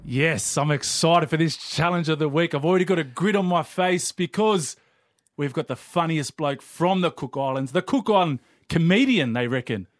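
A man's voice: a little high, lively intonation, normal speed, no room sound. A man in his thirties co-hosting a sports chat show, upbeat and teasing. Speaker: podcast co-host. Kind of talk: casual chat.

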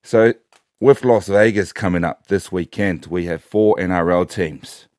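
A man's voice: sits low, measured pace, a little mellow, no room sound, clean studio sound. A man co-hosting a sports show, joking and teasing in casual chat.

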